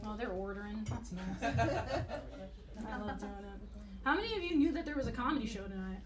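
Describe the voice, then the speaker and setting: A woman doing a stand-up comedy set with a dry, blunt, profane deadpan delivery. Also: fairly high pitch, normal speed, over a noisy crowd. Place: comedy club stage. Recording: roomy club sound from far off. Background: audience laughter.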